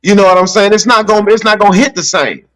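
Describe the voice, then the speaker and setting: High-voiced man, animated and persuasive. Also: fast, low-quality recording. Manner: animated, persuasive, repeats "you see what I'm saying". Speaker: podcast co-host. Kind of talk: casual chat.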